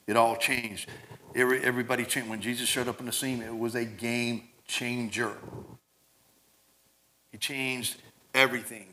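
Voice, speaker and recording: A man preaching a sermon, animated and climbing toward near shouting at high points, with many repeated and restarted words. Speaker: pastor.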